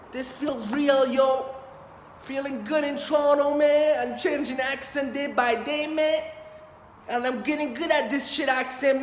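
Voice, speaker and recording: A man's voice: extremely high pitch, slight background noise, pitched above the performer's own voice. A man putting on a swaggering streetwise young man for a comic vlog bit, bragging and tagging every phrase with "man" in an empty condo. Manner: boastful, mock-tough, joking. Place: bare condo apartment. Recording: echoey room with long reverb.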